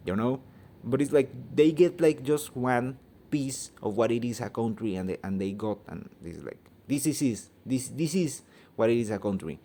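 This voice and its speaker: Mexican guy ranting on his channel in second-language english, lots of ums, swears, soft dark tone. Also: medium pitch, lively intonation. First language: Spanish. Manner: halting, searching for words, many ums; blunt, swears freely. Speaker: channel host. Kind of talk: opinion vlog rant.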